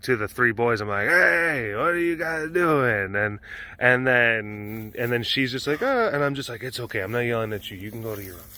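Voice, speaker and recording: A man's voice: mid-range voice, bright, forceful tone. A man hosting a casual vlog at an outdoor animal compound, chatting playfully and cooing baby talk at the cats. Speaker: host.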